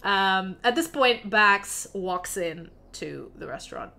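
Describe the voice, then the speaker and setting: A woman's voice: medium pitch, lively intonation, takes it slowly, vocal fry, sharp tone. A woman narrating as game master of a tabletop fantasy game, chatty and given to laughing asides.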